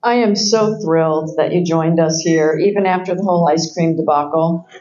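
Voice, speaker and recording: A woman hosts a casual Q&A and thanks her guest as she closes the session. Her voice sits fairly low. The recording is dull, with clear background noise under her. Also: moderate pace. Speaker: Q&A host. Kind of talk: casual interview wrap-up.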